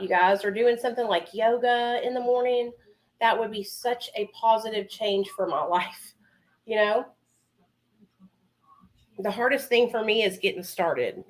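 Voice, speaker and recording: A woman chatting casually with her livestream viewers from home while doing her makeup, calling them honey and baby. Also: mid-range voice. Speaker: livestream host.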